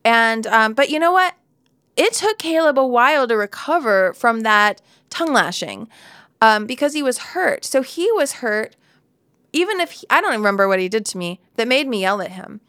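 A woman's voice: on the high side, lively intonation, normal speed, fairly bright tone, smooth, no echo. A woman in her forties giving a candid devotional Bible talk, telling a personal story with laughs and asides, into a close studio mic.

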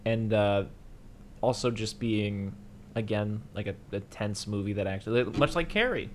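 A young man in casual conversation about a film, animated and swearing freely, often jumping into loud, high-pitched impressions of the characters. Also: moderate pace, slight background noise. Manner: animated, acts out quotes with sudden loud high jumps. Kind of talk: casual movie discussion.

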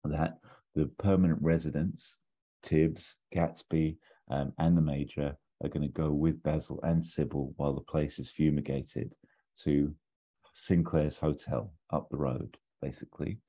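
A man chatting casually and pitching a story idea, rambling and hesitant with many restarts, on a dull lo-fi recording. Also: steady tone, a little slow, warm tone, husky.

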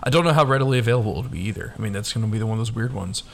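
A man's voice: lowish voice, very fast, gravelly, slight background noise. A man co-hosting a whiskey podcast, chatting loosely and joking, swearing now and then. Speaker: podcast co-host. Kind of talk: casual whiskey chat.

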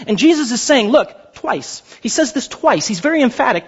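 Emphatic, lively-voiced pastor preaching. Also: male voice, extremely high pitch, a little fast, hardly any pauses, slightly rough, dull audio. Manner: emphatic, rhetorical questions to the congregation. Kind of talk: sermon.

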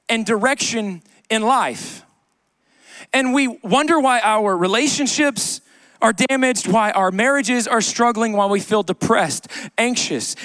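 A man's voice: very high-pitched, a bit bright, no room sound, clean studio sound. A man preaching a sermon to a congregation in church, conversational, with joking asides and repeated key lines. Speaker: pastor. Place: church sanctuary.

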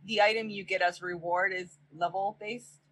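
Husky woman explaining game routes. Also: medium pitch, steady tone, moderate pace, a bit bright, rough recording. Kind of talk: casual gaming chat.

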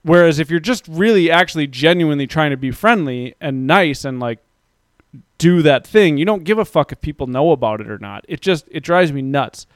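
A man in his thirties telling a story in a casual, profane rant that grows heated and loud. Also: on the high side, lively intonation, brisk, no echo, clean studio sound. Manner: ranting, profane, gets heated and loud when recounting.

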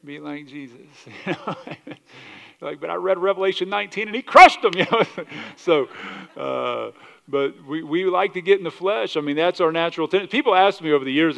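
A male pastor preaching a sermon, animated, asking rhetorical questions and often restarting his words. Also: medium pitch, smooth. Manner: animated, rhetorical questions, acts out quoted voices; repeats words and restarts mid-sentence.

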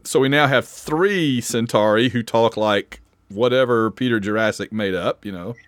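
Podcast co-host: man, mid pitch, chatty and enthusiastic, dry close sound. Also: normal speed, dry recording. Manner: chatty, enthusiastic fan, self-interrupting. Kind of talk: casual chat.

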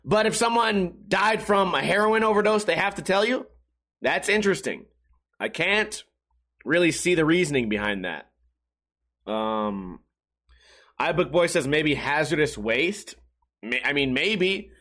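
A man's voice: fairly high pitch, expressive, a little slow, pauses often, fairly bright tone. A man hosting a casual solo podcast, rambling in a profane, sarcastic, self-mocking way. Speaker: podcast host.

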